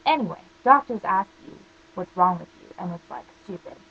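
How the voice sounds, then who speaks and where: A woman's voice: on the low side, animated, fairly quick, slightly rough, dull audio. A teenage girl ranting casually to camera, rambling through stories full of "like" fillers. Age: teens. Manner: rambling storytelling, constant "like" fillers. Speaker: vlogger.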